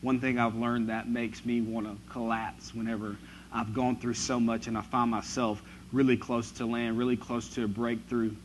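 A man preaching a sermon who moves from quiet, reflective passages to loud, emphatic ones. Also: mid-range voice, level tone, normal speed, slight background noise, low-quality recording.

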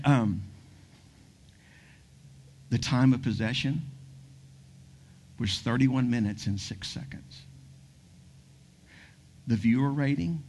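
A man preaching a sermon, telling a story with animation and dropping to a hushed near-whisper to stress key points. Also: mid-range voice, a little hiss or hum. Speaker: pastor.

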